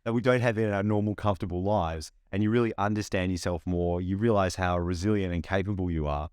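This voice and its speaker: A young Australian man co-hosting a podcast, telling stories in an animated way, swearing and calling people mate. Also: low-pitched, fast, clear, resonant tone, no echo, clean studio sound. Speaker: podcast co-host. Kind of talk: casual chat, storytelling.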